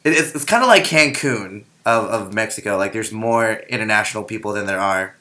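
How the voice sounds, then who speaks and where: A young man from the Philippines co-hosts a casual podcast chat. His voice is bright and sits a little low, and he rambles through fillers and restarts while cracking jokes. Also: expressive, brisk. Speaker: podcast co-host.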